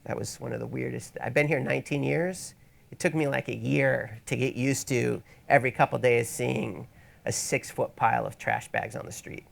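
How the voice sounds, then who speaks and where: A man's voice: mid-range voice, steady tone, moderate pace, vocal fry. A man presenting a photography workshop in a casual teaching style, with wry, rambling asides, speaking in an event space to an audience. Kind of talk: casual instructional talk.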